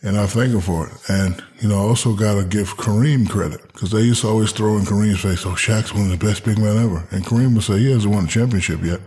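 A retired basketball player in his forties from Newark, New Jersey, USA, tells stories as a podcast guest in casual chat, imitating people and making joking boasts. His voice is lowish, warm and husky, delivered quickly with few pauses.

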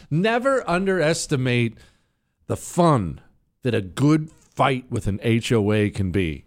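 A man's voice: mid-range voice, big pitch swings, takes it slowly. A middle-aged man telling a defiant, rambling story as a podcast guest in casual storytelling.

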